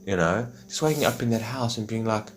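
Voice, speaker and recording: Low-voiced rambling man musing. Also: expressive, fairly quick, a little hiss or hum. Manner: rambling, many fillers. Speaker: vlogger. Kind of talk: reflective monologue.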